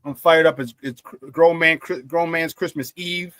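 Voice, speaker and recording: Hyped high-voiced sports talk host. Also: male voice, moderate pace, no room sound. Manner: excitable and hyped, with frequent laughs and slang. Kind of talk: live-streamed sports talk, reading viewer chat.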